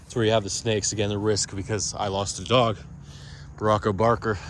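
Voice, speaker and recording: A man's voice: fairly low pitch, little pitch movement, fairly quick, a little hiss or hum. A man vlogging about crypto and his day in a loose, digressive monologue full of restarts and asides. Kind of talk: casual rambling monologue.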